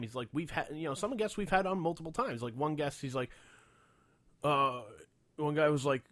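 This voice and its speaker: A man's voice: a little high, brisk, no room sound. A man co-hosting a casual podcast, swearing freely and acting out the people in his stories. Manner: profane, animated storyteller acting out quotes. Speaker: podcast co-host.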